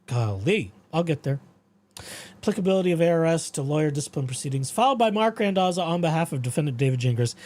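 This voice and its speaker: A man with a fairly high pitch and quick pace hosts a casual talk-show podcast. He goes on rambling tangents about his dreams, quoting them in an animated way, and reads out legal updates.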